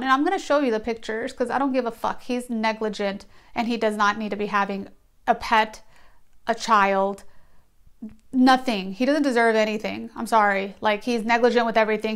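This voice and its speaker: Smooth-voiced young woman, blunt and sarcastic. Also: fairly high pitch. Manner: blunt and profane, sarcastic asides. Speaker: vlogger. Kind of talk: casual storytime vlog.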